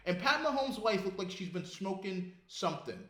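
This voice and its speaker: A man's voice: high voice, sing-song, normal speed, sharp tone. A man, a podcast co-host in casual chat who rants, swears and laughs as he talks. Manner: profane ranting, laughs and mimics others. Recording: echoey room.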